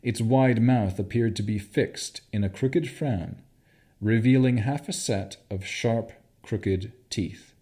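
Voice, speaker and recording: A man narrating a fantasy audiobook in a measured, expressive way. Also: lowish voice.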